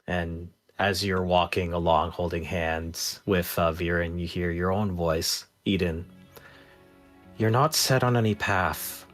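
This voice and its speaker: A man narrating as game master of a tabletop role-playing game, speaking in a hushed, measured way. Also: fairly even intonation, faint music behind. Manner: slow, low and hushed when narrating, livelier in banter.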